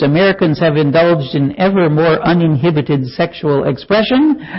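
A man preaching a sermon, animated and wry, breaking into chuckles and mocking asides. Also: high-pitched, husky, highs cut off.

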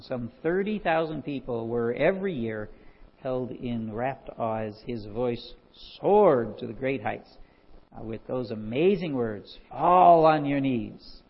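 A male pastor with a medium-pitched, husky voice preaches with a long reverb tail and the highs cut off. He reads scripture aloud and tells stories as an animated storyteller, chuckling often.

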